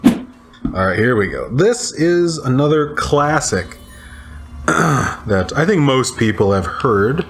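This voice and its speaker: A man reads a dark tale aloud with deliberate, dramatic pacing, his voice at an ordinary middle pitch. Between passages he slips into loose, joking chatter and quick laughs. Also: big pitch swings. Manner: laughs often, playful banter between readings. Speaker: channel host reading horror stories. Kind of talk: dramatic reading with casual asides.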